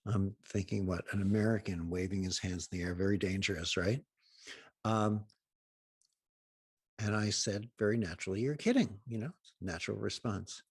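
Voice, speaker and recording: Guy hosting a talk, telling funny stories, husky low voice, super dry sound. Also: steady tone, dry recording. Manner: anecdotal, with wry asides and pauses. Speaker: host of a healing program. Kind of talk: humorous storytelling talk.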